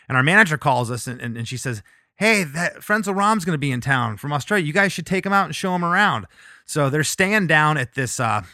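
A man's voice: medium pitch, bright, forceful tone, no echo, clean studio sound. A middle-aged man, a touring musician and the guest, telling stories in a rambling way with frequent laughs and restarts. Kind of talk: casual interview storytelling.

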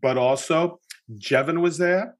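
A man hosting a podcast, talking casually and telling animated stories with lots of restarts. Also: a little high, a little slow. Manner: animated storytelling, chatty with many restarts. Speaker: podcast host. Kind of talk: casual chat.

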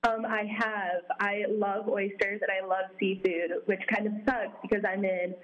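A woman's voice: mid-range voice, little pitch movement, a little slow. Young woman from Vermont, lo-fi line. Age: young adult. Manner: cheerful, with frequent ums. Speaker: guest. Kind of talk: casual interview.

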